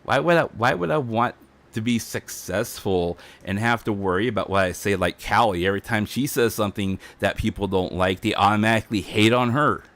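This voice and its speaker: A man's voice: fairly low pitch, brisk, a bit bright. A man streaming a defiant, heated rant, repeating himself as he talks. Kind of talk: ranting livestream monologue.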